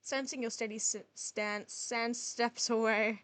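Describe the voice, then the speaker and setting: A woman's voice: a little high, steady tone, unhurried, few pauses, fairly bright tone, no room sound. Playful woman reading a dating game. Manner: playful, giggly asides. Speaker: game streamer. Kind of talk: reading a visual novel aloud with commentary.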